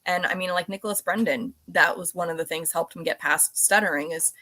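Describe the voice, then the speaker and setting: A woman hosting a podcast in casual chat, talking in quick asides and reading out listener comments. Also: on the low side, pushed and bright. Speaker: podcast host.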